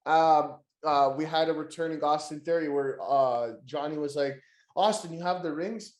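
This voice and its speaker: A man co-hosting a casual wrestling podcast, excitable and slangy, laughing often. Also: on the high side, moderate pace, reverberant. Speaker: podcast co-host.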